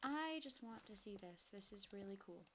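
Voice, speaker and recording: A woman's voice: medium pitch, animated, normal speed, fairly bright tone, a little hiss or hum. Chatty woman streamer talking to herself. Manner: chatty, talks to herself, sing-song and exclaiming. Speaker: streamer playing a block-building game. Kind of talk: casual live-stream gameplay chat.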